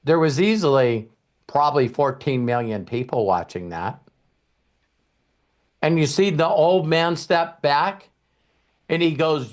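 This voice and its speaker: A man's voice: on the high side, lively intonation, a little slow, long pauses. A middle-aged man hosting a podcast, telling a long story in casual, profane chat. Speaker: podcast host.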